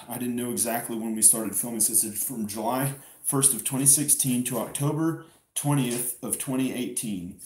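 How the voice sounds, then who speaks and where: A man's voice: mid-range voice, fairly quick, a little mellow. A man, a producer, reading a document aloud carefully, breaking off now and then with casual asides. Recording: roomy echo.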